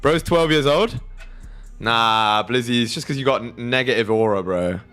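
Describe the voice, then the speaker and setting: Young male streamer, casual and crude, mid-pitched, answering chat over soft background music. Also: moderate pace, clean tone. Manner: loose, crude, reads chat aloud. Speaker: livestream trading host.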